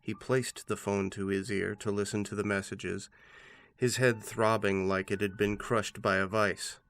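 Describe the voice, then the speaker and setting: A man, host of a horror channel, giving a scripted narration of a scary story in a steady, measured way. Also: on the low side. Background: faint background music.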